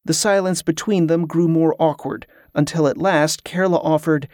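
A steady audiobook narrator reading a novel at a middle pitch. The delivery is even and plain. The recording is close and dry, with no room sound. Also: moderate pace, no echo. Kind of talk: scripted narration.

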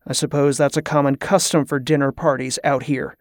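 A man's voice: medium pitch, level tone, brisk, no echo, natural voice. A reader voicing a wary young man who answers in short, curt lines, close to the reader's own voice. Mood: guarded.

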